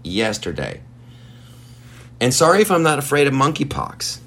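A man's voice: mid-range voice, wildly swooping pitch, moderate pace, creaky, fairly bright tone, breathy edge. A man hosting a podcast, delivering a heated, profane and sarcastic rant. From United States. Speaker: podcast host. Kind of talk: ranting podcast monologue.

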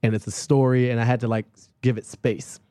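Animated, joking man in a dry studio. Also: medium pitch, brisk, dry recording. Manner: animated, self-mocking, jokey. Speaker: author guest. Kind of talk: casual conversation.

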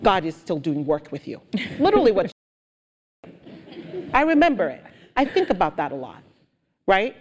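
Woman, energetic storyteller, mid-pitched voice, long reverb of a hall. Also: normal speed, long pauses. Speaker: guest speaker. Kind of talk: live on-stage interview. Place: auditorium with audience.

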